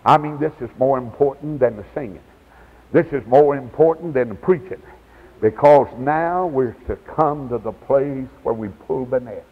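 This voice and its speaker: An older man, preaching a revival sermon. He tells his story with feeling, dropping to a hush and then rising to a shout. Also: mid-range voice, normal speed. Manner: storytelling preacher, swings from hushed to hollering. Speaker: evangelist. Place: church sanctuary. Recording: tinny lo-fi 1990s church tape.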